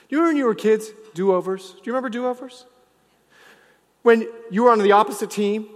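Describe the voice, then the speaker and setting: A male pastor preaching a sermon, swinging from loud, emphatic lines to hushed, low ones. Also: in a large hall.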